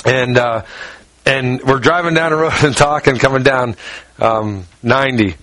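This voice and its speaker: A pastor preaching a conversational sermon, rambling informally with restarts and slang. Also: male voice, mid-range voice, a little slow, fairly bright tone, dry recording, low-quality recording.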